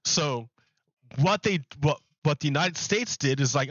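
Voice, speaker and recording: A man streaming a video game, chatting casually in a rambling, animated way and restarting his sentences often. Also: a little high, a little slow, no echo, muffled recording. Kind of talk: casual chat while gaming.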